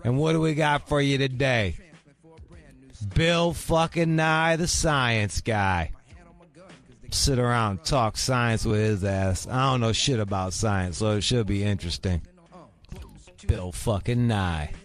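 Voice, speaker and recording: A man's voice: lowish voice, unhurried, faint music behind. Brash man hosting an uncensored radio show. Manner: crude, brash, rambling. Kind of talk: casual uncensored radio chat. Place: radio studio.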